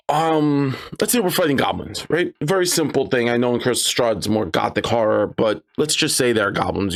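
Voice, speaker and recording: A man, a game master, giving casual advice and acting out players and game masters in lively quoted asides. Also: mid-range voice.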